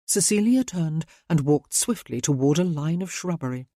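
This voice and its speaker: A woman narrating a romance audiobook in a calm, measured way. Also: sits low, no room sound, studio quality.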